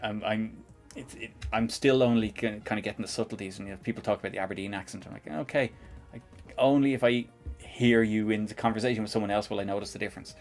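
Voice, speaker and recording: A man's voice: lowish voice, fairly even intonation, quick pace, soft background music. A man with a Northern Irish accent, streaming a live coding tutorial and chatting in a rambling, chuckling way. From Northern Ireland. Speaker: programming streamer.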